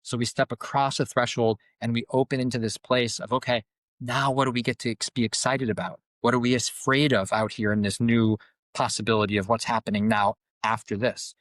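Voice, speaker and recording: Earnest coach, dry close sound. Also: male voice, medium pitch, flat delivery, fairly quick, a bit bright, no echo. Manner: earnest, repeats words as he searches for them. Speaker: coach and group facilitator. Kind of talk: reflective podcast conversation.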